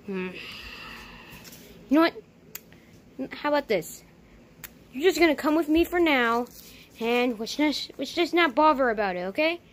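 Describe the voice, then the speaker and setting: A woman voicing a jumpy, easily frightened young man who talks to himself nervously in a dark house. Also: high voice, animated, a little slow, pauses often. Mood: grumbling.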